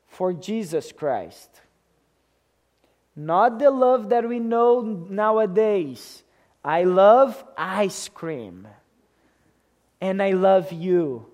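A man's voice: high-pitched, a little mellow. A man preaching a sermon to a congregation in an emphatic way, often checking in with them by asking questions. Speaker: pastor.

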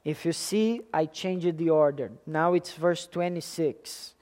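Preacher mid-sermon: slow, deliberate delivery with mid-range pitch, hammering phrases through repetition, loud stresses dropping to quiet asides. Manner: deliberate and emphatic, repeating key phrases.

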